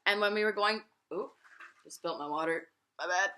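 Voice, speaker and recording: Brief: bright, tense-toned woman in her 20s, swearing, animated storytelling vlog. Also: medium pitch, normal speed. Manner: profane, animated storytelling with frequent laughs. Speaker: vlogger.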